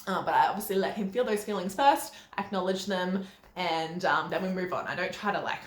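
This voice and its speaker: A woman's voice: fairly low pitch, a little fast. A young woman, giving casual parenting advice to camera, chatty, with frequent ums and little laughs. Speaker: parenting vlogger. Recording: echoey room.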